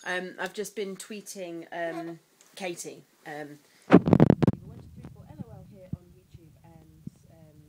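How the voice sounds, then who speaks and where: A woman chatting casually in a home vlog, sometimes breaking into high baby talk. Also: fairly even intonation, measured pace, heavy background noise. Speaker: vlogger.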